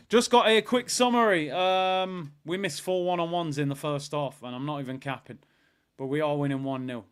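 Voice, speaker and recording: A young man hosting a live football watchalong, chatty and excitable, bursting into shouts at big moments. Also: fairly high pitch, clean tone.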